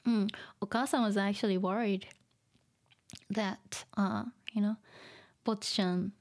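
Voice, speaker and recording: A woman teaching vocabulary through a manga, explaining slowly, repeating words and laughing often. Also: mid-range voice, steady tone, a little mellow. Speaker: Japanese teacher. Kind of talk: manga reading lesson.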